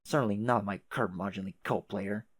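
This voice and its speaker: A man's voice: lowish voice, fairly quick, no room sound, close to an everyday voice. A man voicing a fussy, long-winded advisor who speaks in a put-on British manner, formal and wordy. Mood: earnest. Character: prim, verbose troll advisor putting on a British manner.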